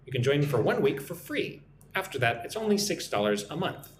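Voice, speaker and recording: An American man teaches English live from home, repeating phrases slowly and clearly so learners can follow. His pitch moves a lot and his voice rings in a roomy space. A faint ambient hum sits behind him. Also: sing-song. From United States. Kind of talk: live-streamed English lesson.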